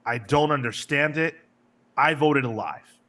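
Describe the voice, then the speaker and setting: A man's voice: mid-range voice, a little slow, pushed and bright. A man hosting a casual comics podcast, joking and reading out listener comments. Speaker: podcast host. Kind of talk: casual chat.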